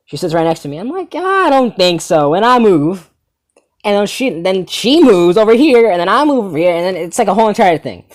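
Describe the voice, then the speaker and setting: Young man, comedy storyteller, sarcastic and crude, very lively swooping voice, rhetorical asides. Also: high-pitched, fast talker.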